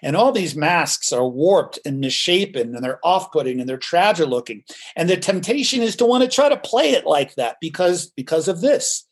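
A man speaking as a podcast guest who coaches trial lawyers in theater methods, talking in an animated, theatrical, emphatic way. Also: fairly high pitch, normal speed, breathy edge. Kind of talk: podcast interview.

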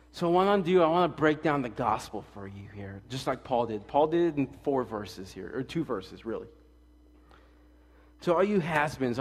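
A male pastor preaching a casual, fast-talking sermon with jokes and stories, swinging between loud emphatic lines and quiet asides. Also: medium pitch, in a large hall.

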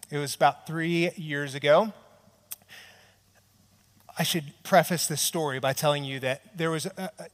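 A male pastor with a high voice, preaching a sermon in a chatty, storytelling way. He keeps checking in with the room and acts out short bits of dialogue. His voice rings with the long reverb of a large church hall. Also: fairly bright tone. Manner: conversational preaching, tags lines with "right?", acts out quotes.

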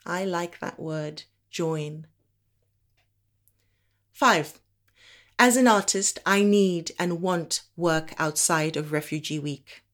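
Low-voiced woman performing spoken word. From Africa. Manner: measured, deliberate delivery with slow emphatic pauses.

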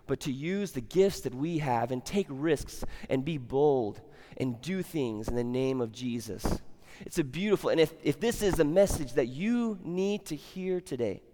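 A man's voice: on the high side, a little mellow. Upbeat male pastor in a reverberant church. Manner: conversational, enthusiastic, stumbles and repeats words. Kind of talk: sermon. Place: church sanctuary. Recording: long hall reverb.

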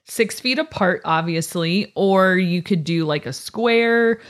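A woman co-hosting a podcast, talking in a chatty, animated way and laughing often. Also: fairly low pitch, slow pace. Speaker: podcast co-host. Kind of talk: casual podcast chat.

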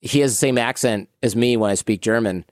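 An American man in his late thirties, a podcast guest telling lively stories with quick asides. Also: mid-range voice, no room sound, studio quality. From United States. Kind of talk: storytelling interview.

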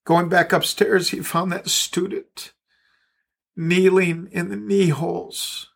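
A man's voice: sits high, flat delivery, slow pace, creaky, fairly bright tone. A man pastor delivering a podcast sermon and prayer, with a fervent, repetitive prayerful cadence.

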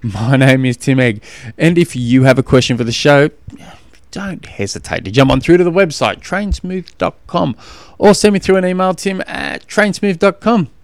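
An Australian man talks through his solo podcast in a loose, frank, rambling way, often stopping and restarting his sentences. His voice is smooth and resonant, and it is recorded close and dry with no room sound. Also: a little high, lively intonation, moderate pace, no room sound. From Tasmania. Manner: rambling, frank, exasperated storytelling with frequent restarts. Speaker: podcast host and triathlon coach. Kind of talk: casual solo podcast monologue.

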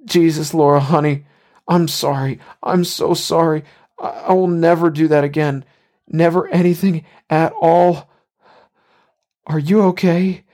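A man voicing a frightened young man who stammers and sobs his pleas in a high, strained voice. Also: fairly even intonation, measured pace, darkish tone, close to an everyday voice. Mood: pleading sobbing. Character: frightened young man, pleading then panicked.

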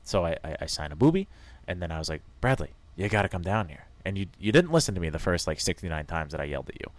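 A young adult man co-hosting a podcast, telling a rowdy anecdote in an animated, jokey way. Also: deep voice, racing. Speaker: podcast co-host. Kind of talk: casual storytelling chat.

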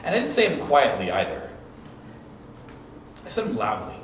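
A man's voice: medium pitch, huge pitch swings, normal speed. A man preaching a sermon as pastor, talking in a conversational storytelling way with restarts and repeated phrases. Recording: echoey hall recording from a distance with faint noise.

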